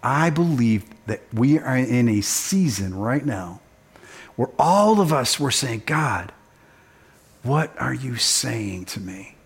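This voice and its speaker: A man preaching a sermon as a pastor, impassioned and rising, then quieter and earnest. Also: medium pitch, big pitch swings, takes it slowly, vocal fry, slightly rough.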